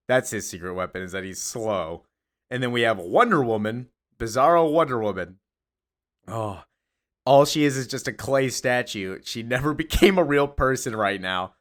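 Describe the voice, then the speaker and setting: A man's voice: mid-range voice, expressive, normal speed. Chatty man recapping a comic book. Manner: chatty and amused, loose with filler words. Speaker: comics video creator.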